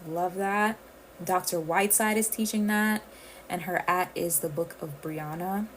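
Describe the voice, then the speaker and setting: A woman's voice: on the low side, a little slow, a little hiss or hum, rough recording. A woman from the Caribbean, hosting a casual livestream and chatting directly with her viewers. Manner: chatty, addresses viewers as y'all. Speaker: livestream host.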